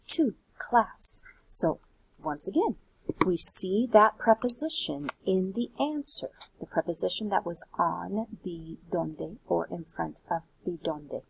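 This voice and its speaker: A woman's voice: lowish voice, expressive, a little slow, gravelly, a little mellow, slightly rough, dry recording, low-quality recording. A woman teaching Spanish, explaining a worksheet step by step and asking rhetorical questions. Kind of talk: recorded worksheet lesson.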